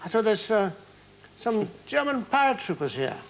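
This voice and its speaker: A man's voice: sits high, big pitch swings, normal speed, creaky. A man in his seventies, a comedian guest on a television talk show, telling anecdotes in a rambling, playful way with stammering restarts. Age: 70s. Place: television studio with live audience. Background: audience laughter.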